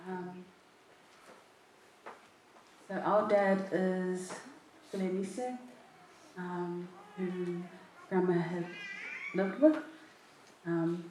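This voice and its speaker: A young woman shares memories of her grandmother at a family memorial. She speaks slowly and softly and pauses often. Her voice comes from well off the mic, and a very reverberant hall carries a faint hum of noise behind her. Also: fairly low pitch, steady tone, distant mic. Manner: soft, slow and halting, with frequent ums. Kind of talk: informal memorial speech. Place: large echoey hall at a family service.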